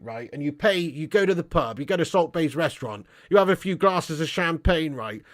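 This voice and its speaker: A man's voice: a little high, lively intonation, fairly quick, few pauses. A man hosting a football livestream, reading out super chats with mocking banter full of "mate" and "lad". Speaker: football channel livestream host.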